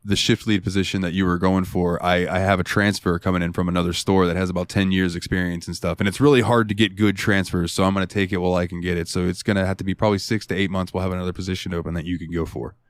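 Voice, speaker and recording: A man's voice: little pitch movement, fast, few pauses, dry recording. A man hosting a casual gaming podcast, telling profane, rambling stories with bursts of mock outrage. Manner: rambling, profane storytelling with bursts of exaggerated high-pitched outrage. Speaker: podcast host.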